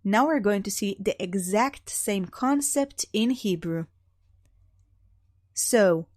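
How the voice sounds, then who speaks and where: A woman's voice: mid-range voice, a little mellow, no room sound, studio quality. A young woman teaching beginners how to read, explaining patiently and drawing out example sounds. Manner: patient, drawn-out demonstrations of sounds. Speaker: Hebrew teacher.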